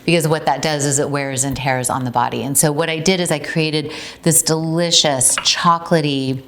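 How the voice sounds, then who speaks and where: A woman's voice: sits low, steady tone, moderate pace, fairly bright tone. A middle-aged woman from Ukraine, the founder of a tea company, demonstrating a recipe in a chatty way with many ums. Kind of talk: casual recipe demo.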